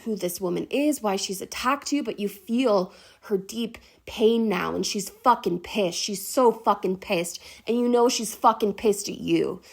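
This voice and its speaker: A woman's voice: mid-range voice, creaky. A woman leading a guided meditation in an intense, emphatic way, with frequent swearing.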